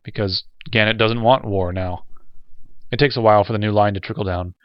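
Man doing a low flat unbothered alien guy, dry and dull sounding. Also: a little fast, smooth, no echo, lightly acted. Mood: indifferent. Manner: flat, detached, matter-of-fact. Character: cool, indifferent disguised alien man. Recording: dull lo-fi recording.

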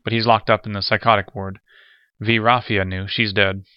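A man voicing a grave, thoughtful official who explains things in a measured way. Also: fairly low pitch, little pitch movement, clear, resonant tone, no echo, close to an everyday voice. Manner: measured, dull-toned.

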